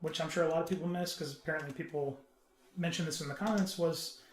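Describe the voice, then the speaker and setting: Male podcast panelist, high voice, earnest and halting, in a roomy echoey room. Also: fairly even intonation. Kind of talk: casual podcast chat. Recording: roomy echo.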